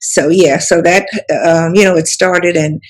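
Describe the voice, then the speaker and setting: A woman's voice: on the low side, steady tone, measured pace, poor audio. A woman, reminiscing in a rambling interview style full of "you know" and restarts. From South Carolina Sea Islands. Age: 70s. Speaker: author and storyteller guest.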